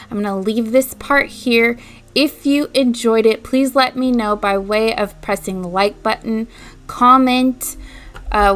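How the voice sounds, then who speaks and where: A woman's voice: on the high side, fairly bright tone. A woman hosting a let's play, retelling the story of her game in a chatty way. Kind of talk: casual game narration.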